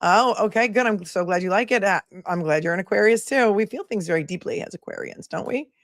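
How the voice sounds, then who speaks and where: A woman's voice: medium pitch, fast, no echo, studio quality. A woman attorney hosting a casual livestream, reading viewer messages aloud and thanking them in a chatty, affectionate way.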